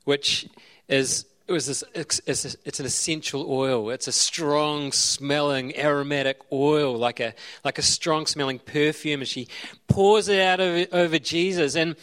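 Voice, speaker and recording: A man's voice: fairly high pitch, steady tone, unhurried, fairly bright tone, smooth. A man in his thirties giving a conversational sermon as pastor, chatty and digressive with storytelling asides.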